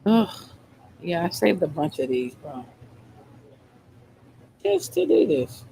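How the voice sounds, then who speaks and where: A man hosting a reaction show, talking in a relaxed, slangy, conversational way. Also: on the high side, takes it slowly, gravelly, a little hiss or hum. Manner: laid-back, conversational, slangy. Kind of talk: casual commentary.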